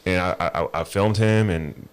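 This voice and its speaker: A man's voice: sits low, moderate pace, clear, resonant tone. A man in his thirties, a comedian guest, chatting loosely on a podcast with plenty of slang. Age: 30s. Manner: loose slangy talk, lots of "bro". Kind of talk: casual podcast chat.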